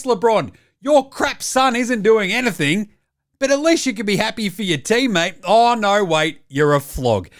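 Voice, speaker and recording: An Australian man hosting comedic sports highlights, with cheeky, mocking banter. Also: fairly bright tone. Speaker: host.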